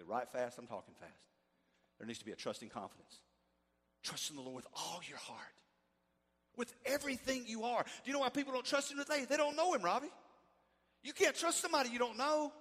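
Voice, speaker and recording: A middle-aged man preaching a sermon, animated and swinging from loud to hushed. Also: high voice. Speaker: pastor. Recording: echoey hall.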